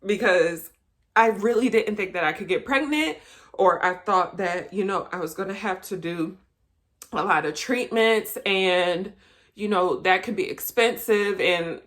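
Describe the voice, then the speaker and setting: A woman's voice: medium pitch, unhurried. Chatty woman telling a personal story. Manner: chatty, animated when quoting, laughs often. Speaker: vlogger. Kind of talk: casual storytelling to camera.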